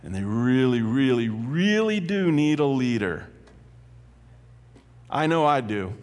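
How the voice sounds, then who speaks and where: A man preaching a sermon as pastor, animated and conversational, with asides and light laughter. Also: medium pitch, takes it slowly. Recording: long hall reverb.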